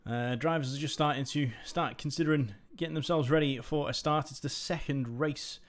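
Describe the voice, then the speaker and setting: A man hosting a live stream and giving sim racing commentary, laid-back in chat and excited in the play-by-play. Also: a little high, normal speed. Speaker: race commentator and stream host.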